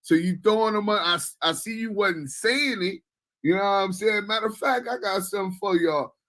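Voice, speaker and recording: A male podcast host with a high, bright, sharp voice reacts to a clip. He talks in a mocking, skeptical way and swears freely. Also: normal speed, poor audio. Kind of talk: reaction commentary.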